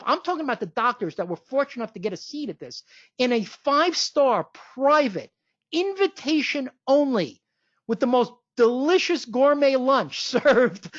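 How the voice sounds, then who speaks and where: Woman doing a hyped webinar sales pitch, kinda high voice, dull dry audio. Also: no room sound. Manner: enthusiastic, salesy, rhetorical questions. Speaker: webinar host pitching a training event.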